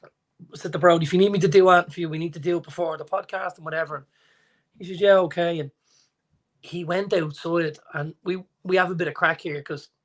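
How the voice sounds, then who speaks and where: A man in his forties with an Irish accent, co-hosting a podcast and telling stories in lively casual chat, acting out the people he quotes. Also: on the high side, fairly quick. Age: 40s. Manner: animated storyteller, acts out quotes. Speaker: podcast co-host.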